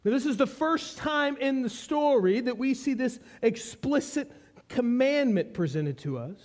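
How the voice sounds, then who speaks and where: A man's voice: extremely high pitch, lively intonation, a little slow, a little mellow. A man preaching an expository sermon, teaching with emphasis and repeating key phrases.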